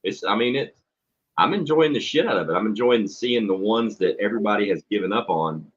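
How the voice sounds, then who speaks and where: Guy ranting about teaching, deep husky voice, cusses a lot. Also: lively intonation, fairly quick. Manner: blunt, profane storyteller acting out dialogue. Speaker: substitute teacher. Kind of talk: casual chat on a stream. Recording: dull lo-fi stream audio.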